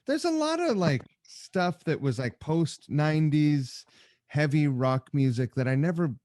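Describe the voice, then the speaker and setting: A man hosting a podcast, asking curious questions and wandering into relaxed, rambling asides. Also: a little high, unhurried, dry recording, clean studio sound. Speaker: podcast host. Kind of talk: casual interview.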